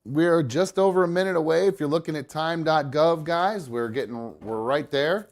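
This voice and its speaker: Profane rambling man hosting. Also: a little high. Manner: profane, rambling, quick to laugh. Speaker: podcast host. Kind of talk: casual live-stream chat.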